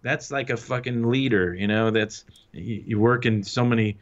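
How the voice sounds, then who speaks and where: A man's voice: mid-range voice, moderate pace. A man telling stories as a guest in a casual interview, acting out quotes in a raised voice and swearing freely. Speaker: former wrestling writer, interview guest. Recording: muffled lo-fi audio.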